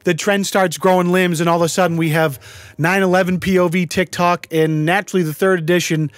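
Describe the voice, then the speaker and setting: A man's voice: high voice, fairly even intonation, brisk, dry recording. A man hosting a sarcastic commentary video, swearing casually and scoffing at what he covers. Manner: sardonic, swears casually, laughs in disbelief. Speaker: YouTube commentary host. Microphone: studio microphone.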